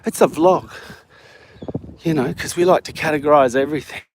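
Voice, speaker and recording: A man's voice: a little high, a little fast, a little mellow, a little hiss or hum. An Australian man vlogging live while out on a walk, rambling and joking with viewers. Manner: rambling, jokey, talks to viewers.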